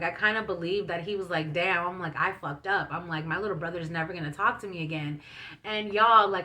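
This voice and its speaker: A woman's voice: medium pitch, pushed and bright. A young woman vlogger telling a personal story in a casual, chatty way, full of fillers and feeling. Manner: chatty, many fillers, emotional retelling.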